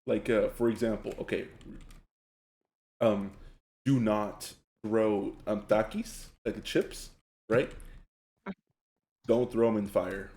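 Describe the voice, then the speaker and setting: Loud, excitable man streamer, roomy sound. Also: fairly low pitch, takes it slowly, pauses often. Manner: loud and excitable, laughs often. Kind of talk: casual storytelling while gaming on a live stream.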